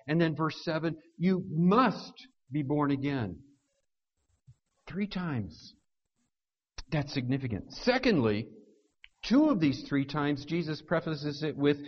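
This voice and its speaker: A man preaching a sermon, pressing his points by repeating words and swinging from hushed, low lines to loud, raised ones. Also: lively intonation, normal speed. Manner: emphatic, repeats words for stress. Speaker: pastor. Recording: dull lo-fi recording.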